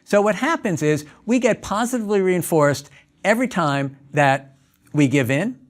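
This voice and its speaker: Brief: male speaker with a slightly high voice, giving a lecture through stories. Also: expressive, normal speed. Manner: storytelling, acts out dialogues. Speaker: clinical psychologist. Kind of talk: lecture talk.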